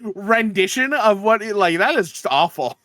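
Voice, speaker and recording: Lively, teasing male podcast co-host. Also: high voice, measured pace, no room sound, studio quality. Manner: joking, profane, teasing. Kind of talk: casual chat.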